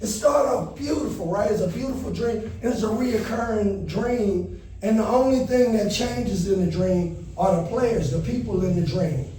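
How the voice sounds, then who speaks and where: A man doing a stand-up comedy set, telling a story with animated delivery and panicked shouted bits. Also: high-pitched, moderate pace, a little hiss or hum. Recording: echoey venue heard from a distance.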